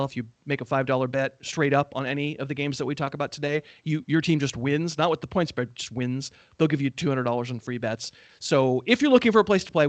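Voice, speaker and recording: A man's voice: fairly high pitch, no echo. A man hosting a casual sports betting chat, rambling with self-mocking asides. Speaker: host. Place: in Los Angeles.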